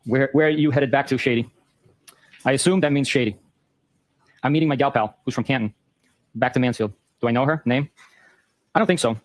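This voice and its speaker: A man hosting a show, reading a long exchange of text messages aloud in a brisk, matter-of-fact way. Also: medium pitch, no echo. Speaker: host.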